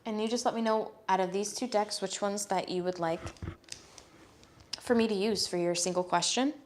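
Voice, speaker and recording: A woman with a medium-pitched voice speaks at normal speed while giving a live tarot reading. She's casual and blunt, swearing freely, and reads the card messages aloud in a steady voice.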